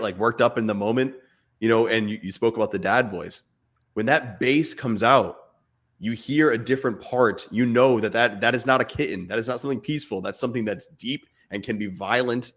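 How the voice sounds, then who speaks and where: A man's voice: mid-range voice, a bit bright. A man in his thirties co-hosting a casual fatherhood chat, earnest and talking in bursts. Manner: earnest, speaks in bursts, imitates barking dad voice. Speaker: podcast co-host.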